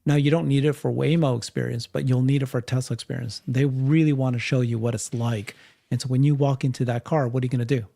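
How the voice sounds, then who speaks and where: A man co-hosting a podcast, talking in a casual, animated way, often laughing and restarting his sentences. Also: medium pitch, fast, gravelly. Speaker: podcast co-host. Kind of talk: casual panel chat.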